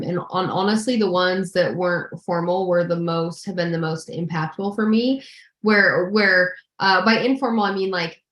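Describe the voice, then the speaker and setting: A woman's voice: lowish voice, a bit bright. A woman executive answering questions as a guest in a live video Q&A, candid and self-deprecating, often restarting her sentences. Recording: roomy echo.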